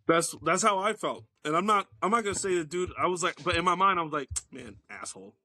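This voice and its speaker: A man's voice: high voice, fast, sharp tone, no room sound, studio quality. A man chatting casually as a podcast guest, rambling loosely with lots of "like" and swearing.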